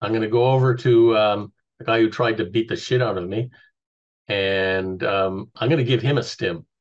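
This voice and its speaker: A man playing a tabletop game, talking in halting, stammering restarts. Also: fairly low pitch, steady tone, lo-fi sound. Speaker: player. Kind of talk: casual tabletop play chat.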